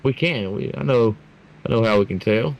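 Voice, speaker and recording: A man doing live play-by-play commentary for a sim racing league, rambling and excitable, talking to his producer on air. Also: on the low side, moderate pace, creaky, a little hiss or hum.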